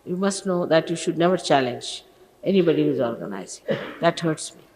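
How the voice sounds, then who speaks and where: A woman spiritual teacher delivers an emphatic, admonishing sermon. Her pitch swings widely from phrase to phrase. The old archival recording carries a long reverb and a faint background hiss. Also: expressive, fast, mellow. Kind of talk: sermon to followers.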